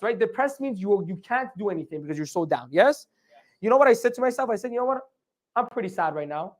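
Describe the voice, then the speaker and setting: A man leads a live training session as a motivational speaker. His delivery is animated, and he keeps checking in with his audience through questions. He also acts out the voices in his own head. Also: high voice.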